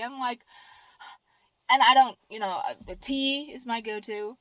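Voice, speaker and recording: A woman's voice: a little high, measured pace, long pauses, fairly bright tone, dry recording. Woman vlogger, chatty, earnest, rambling, dry sound. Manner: rambling, chatty, with many fillers and restarts; upbeat and earnest. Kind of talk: casual chat.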